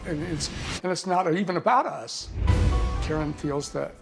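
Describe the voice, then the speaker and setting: Gravelly hesitant middle-aged father. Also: a little high, lively intonation, normal speed, music in the background. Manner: hesitant, repeats himself, soft-spoken. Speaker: talk show guest, father. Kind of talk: emotional confession.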